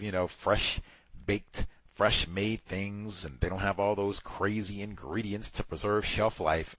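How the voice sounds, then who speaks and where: A man hosting a book club, talking through a memoir in a casual, digressive way with loud mocking asides. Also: lowish voice, dry recording.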